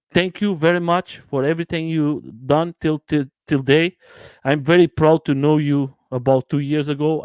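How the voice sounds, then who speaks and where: A man's voice: medium pitch, darkish tone, dry recording. Eager livestream host man, dry sound. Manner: enthusiastic, repeats himself, broken English. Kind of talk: casual livestream chat.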